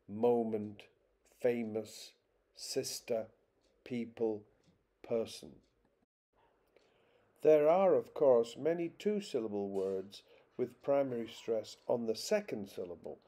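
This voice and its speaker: A man narrating a scripted phonetics lesson, reading example words one at a time in a slow, deliberate way. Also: mid-range voice, dark tone. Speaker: teacher.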